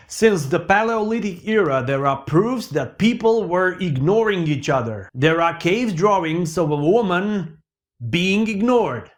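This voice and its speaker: High-pitched, unhurried comedy host man. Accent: Macedonian. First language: Macedonian. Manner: animated, swings between loud outbursts and mock-sad mumbling. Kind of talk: comedic monologue.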